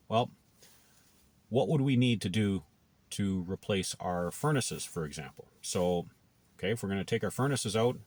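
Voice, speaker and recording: A man's voice: sits low, darkish tone. A man from Canada talking casually to camera, thinking aloud with many restarts and okays. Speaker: blogger.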